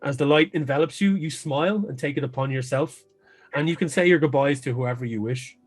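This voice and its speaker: A man's voice: a little high, brisk, husky, soft background music. Man narrating as game master. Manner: descriptive storytelling with restarts.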